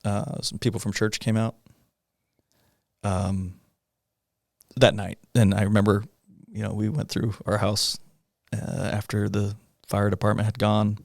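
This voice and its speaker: A middle-aged man, a police officer guest, recounting a personal story in a halting way, with many pauses, fillers and rueful laughs. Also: fairly low pitch, completely flat delivery, creaky, no room sound, studio quality. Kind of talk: conversational storytelling in a podcast interview.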